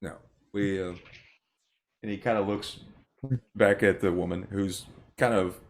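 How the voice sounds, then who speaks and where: A man narrating a tabletop game as its game master, in a loose, hedging way. His voice sits low and has a gravelly fry. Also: steady tone, unhurried, long pauses, slight background noise.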